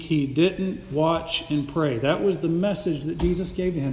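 A man preaching an emphatic, animated sermon as a pastor, recorded in a church sanctuary. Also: fairly high pitch, a little slow, few pauses. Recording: echoey hall with long reverb.

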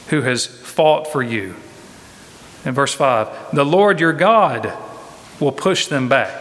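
A male pastor preaches with emphatic, rhythmic refrains that climb as he presses each point. His voice sits slightly high for a man. The sound carries the long echo of a large church hall. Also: a bit bright. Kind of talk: sermon.

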